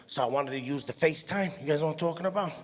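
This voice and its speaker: High-voiced man doing animated stand-up. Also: racing. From Puerto Rican heritage. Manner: animated storytelling, acts out his mother with high shrieks. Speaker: stand-up comedian. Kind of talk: stand-up comedy routine. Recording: long reverb of a show hall.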